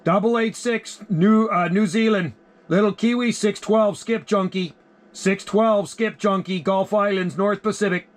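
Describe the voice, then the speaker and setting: A man working a CB radio, calling out call signs in a relaxed, friendly way. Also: high-pitched, measured pace. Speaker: CB radio operator. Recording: loud radio static hiss.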